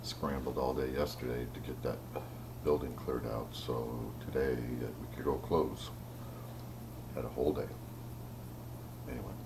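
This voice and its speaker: A man with a low, deep voice vlogs in an unhurried, rambling way, thinking aloud and pausing to clear his throat. He talks into a handheld camera around a workshop and yard, with faint background noise behind him. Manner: rambling, self-talking, clears throat often. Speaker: vlogger. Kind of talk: casual vlog chat.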